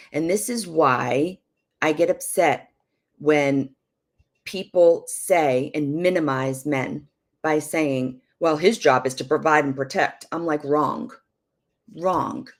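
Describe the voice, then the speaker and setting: Woman, low voice, middle-aged, emphatic and preachy, marriage teaching. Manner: emphatic and preachy, with soft asides. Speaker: prophetess and show guest. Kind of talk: live-streamed marriage teaching.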